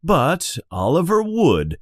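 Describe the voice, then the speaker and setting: A man narrating a simplified story in a clear, deliberate, expressive way. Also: a little high, no echo, studio quality. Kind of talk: slow simplified story reading.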